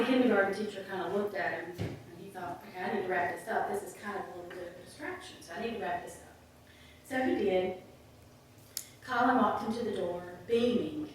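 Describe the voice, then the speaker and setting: A woman's voice: mid-range voice, a little hiss or hum. Brief: woman, earnest folksy storyteller, mic far off in a very echoey hall. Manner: earnest, folksy, frequent ums. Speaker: guest speaker on a volunteer advocate program. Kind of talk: storytelling talk to a club meeting.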